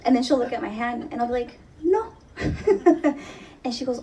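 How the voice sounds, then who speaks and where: A woman therapist talks candidly on a live podcast panel, with a gravelly, darker tone. Her humor comes through and she laughs often. She sounds set back from the microphone. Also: on the high side, very animated, moderate pace, mellow, distant mic, a little hiss or hum.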